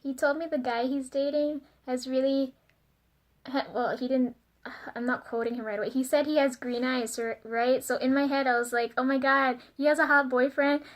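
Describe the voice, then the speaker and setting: A woman's voice: sits high, fairly even intonation, normal speed. A young woman talking in a casual confessional vlog, chatty and giggly, full of fillers and flustered asides. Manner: flustered and self-conscious. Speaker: vlogger.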